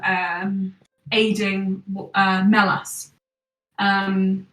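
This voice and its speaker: A woman narrating a tabletop game as game master in a relaxed, chatty way. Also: mid-range voice, a little slow, echoey room, distant mic, rough recording.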